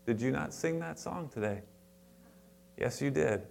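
A man preaching a sermon to his congregation in a conversational way, with restarts and asides, stressing words in sudden louder bursts. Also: medium pitch, animated, measured pace, creaky. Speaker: pastor. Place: church sanctuary before a congregation.

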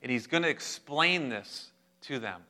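A young adult man preaching a sermon as pastor, animated and humorous, speaking directly to his congregation. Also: medium pitch, unhurried.

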